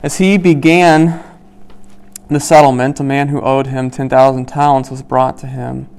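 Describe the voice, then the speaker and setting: Man with a smooth, clear voice leading Bible study. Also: mid-range voice, level tone, normal speed, darkish tone. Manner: conversational, checks in with listeners by asking "right?"; many "um"s and restarts while explaining. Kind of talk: reading scripture aloud and explaining it.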